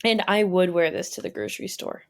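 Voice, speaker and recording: A young adult woman co-hosting a podcast in casual chat, easygoing and quick to giggle. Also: lowish voice, a little hiss or hum. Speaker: podcast co-host.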